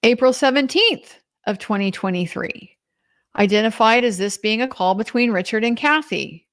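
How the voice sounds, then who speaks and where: A woman's voice: a little high, normal speed. Woman recounting courtroom testimony. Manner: animated retelling, quotes others in her own voice. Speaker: legal commentator.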